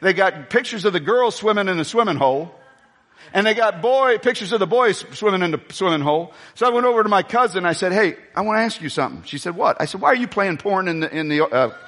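A high-pitched male pastor delivers a sermon, wandering into side stories before returning to call-and-response with the congregation. His voice carries a long reverb, as in a large church auditorium. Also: a bit bright. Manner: rambling, storytelling asides, call-and-response with the congregation.

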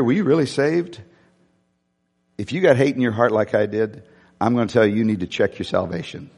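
A man preaching a sermon, telling a personal story candidly and emotionally, swinging from loud to hushed. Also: on the low side, breathy edge, big-room sound. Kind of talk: sermon testimony.

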